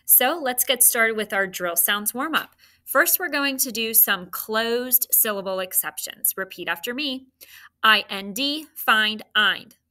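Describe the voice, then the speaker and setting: Female teacher, bright and slow, drills sounds for third graders. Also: a little high, expressive. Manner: clear, step-by-step sound drilling. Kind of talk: phonics drill for children.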